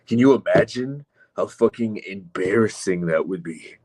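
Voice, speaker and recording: A man with a slightly low voice holds forth on his livestream, reading out chat comments and answering them in a loose, mocking tone. He swears freely and teases viewers like a regular host talking to his crowd. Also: expressive, normal speed, darkish tone. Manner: sardonic, mocking, profane asides. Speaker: streamer.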